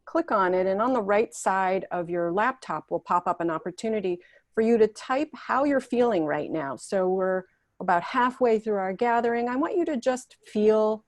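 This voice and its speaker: A woman hosting a talk show gathering over a video call, gently guiding participants and reading their chat messages aloud. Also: mid-range voice, dry recording, studio quality.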